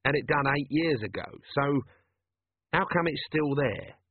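A man's voice: a little high, animated, unhurried, vocal fry, breathy edge, no room sound, voice pushed up, exaggerated voice. A man voicing a cheeky, coarse, chatty watchman in an audiobook. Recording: tinny lo-fi dry recording.

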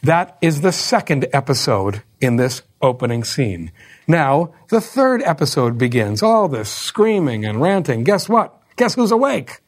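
A man's voice: on the high side, sing-song, unhurried. A man giving a lecture on opera, explaining scenes in a wry, conversational way with ironic asides.

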